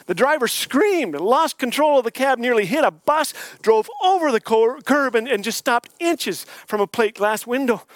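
A man's voice: very high-pitched, expressive, moderate pace, few pauses, no room sound. An older man preaching a sermon as a guest speaker, telling jokes and folksy stories. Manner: folksy, joking storyteller. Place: church sanctuary.

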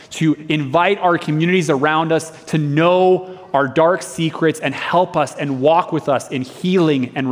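A young man preaching a sermon in a church, telling a personal story in an earnest, conversational way. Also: fairly high pitch. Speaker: pastor. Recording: long reverb of a hall.

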